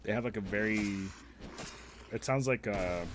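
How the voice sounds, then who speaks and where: Speaking a little slowly in a lowish voice, a male streamer chats casually with crude jokes, lots of swearing, and rambling fillers and restarts. Background noise can be heard.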